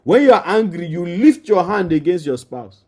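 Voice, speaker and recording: A man's voice: high voice, very animated, moderate pace, a little mellow. Emphatic Nigerian man teaching on marriage. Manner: emphatic, repetitive, addresses listener directly. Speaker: marriage counselor.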